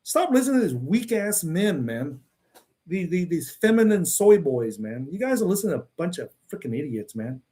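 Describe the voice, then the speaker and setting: A man's voice: sits high, very animated, normal speed, mellow. A man hosting a casual livestream monologue, talking in a blunt, brash, swaggering way and tagging his lines with "man" and "okay?". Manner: repeats "man" and "okay?" as tags. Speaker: livestream host.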